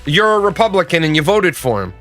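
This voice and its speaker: Blunt, bright-voiced man ranting. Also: fairly high pitch, sing-song, fast talker, faint music behind. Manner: blunt, profane, emphatic. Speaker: political commentator. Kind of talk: casual opinion rant.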